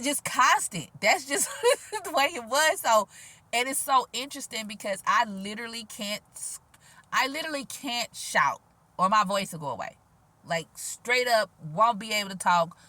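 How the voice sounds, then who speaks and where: A woman vlogging outdoors in a quiet, gentle voice, talking casually with sass and frequent laughs. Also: a little high, moderate pace, no room sound. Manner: animated, sassy, laughs often, soft-spoken. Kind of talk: casual spiritual vlog monologue.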